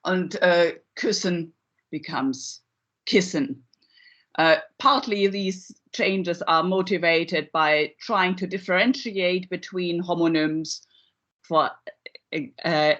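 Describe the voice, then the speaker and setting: A woman giving a university lecture in a measured way, with frequent ums and uhs. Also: fairly low pitch, a bit bright. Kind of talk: academic lecture. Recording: slightly dull lo-fi recording.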